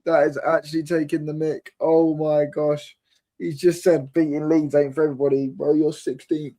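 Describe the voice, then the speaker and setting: A man's voice: on the high side, little pitch movement, moderate pace, warm tone. A young man co-hosting a football watchalong, quizzing and teasing his co-host in slangy casual chat.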